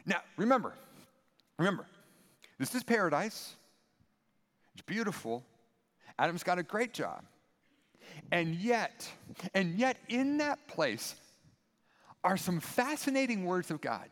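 A man preaching a sermon in a conversational, animated way with playful asides. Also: sits high, unhurried, long pauses, long reverb tail. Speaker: pastor.

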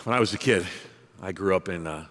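A man's voice: low-pitched, brisk, fairly bright tone, a little hiss or hum. A man from outside New York City preaching a sermon as pastor, emphatic and repetitive, with joking asides. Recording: long reverb of a large hall.

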